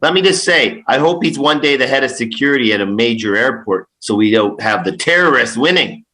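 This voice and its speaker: A man's voice: medium pitch, lively intonation, a little fast, bright, forceful tone, poor audio. A man co-hosting a casual podcast, joking in dry teasing banter. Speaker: podcast co-host. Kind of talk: casual chat.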